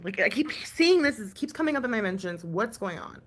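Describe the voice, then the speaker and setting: A woman's voice: medium pitch, very animated, fairly quick, fairly bright tone. A woman ranting casually on a stream, exasperated and full of sighs, fillers and swearing. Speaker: ASMR creator ranting on a live stream. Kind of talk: casual rant.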